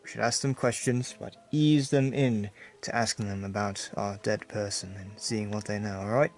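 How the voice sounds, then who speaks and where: A man voicing a fretful male sidekick doctor in an amateur comedy sketch, speaking low and quietly. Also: brisk, soft background music, lightly acted. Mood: anxious.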